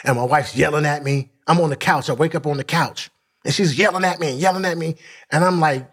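Animated Philadelphia man telling his story. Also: fairly high pitch, fast talker, breathy edge. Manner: animated, acts out quoted voices, swears freely. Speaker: podcast guest. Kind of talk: storytelling in an interview.

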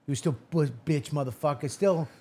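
A man from Boston, a guest comedian, telling a profane, animated story on a casual podcast and acting out the quotes. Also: on the high side, a little fast, slightly rough.

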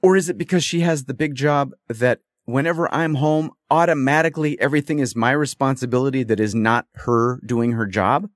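A man's voice: medium pitch, a little fast, hardly any pauses, dry recording, studio quality. A man hosting a podcast, telling a story in a rambling, exasperated casual monologue. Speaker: podcast host.

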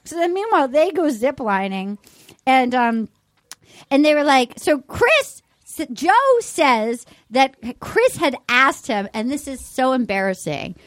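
A woman podcast host in casual chat, excitedly rambling through a recap and acting out quotes. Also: sits high, measured pace, dry recording.

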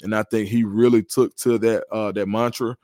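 A man's voice: lowish voice, normal speed, no echo, clean studio sound. A man, a guest analyst in a podcast interview, talks through football recruiting in a confident, analytical way. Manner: confident, analytical, animated storytelling.

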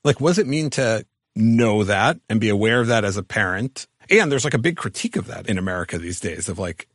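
Fast-talking lower-voiced man host. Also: lively intonation, no room sound, studio quality. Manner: self-deprecating, questioning. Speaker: podcast co-host. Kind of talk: casual podcast chat.

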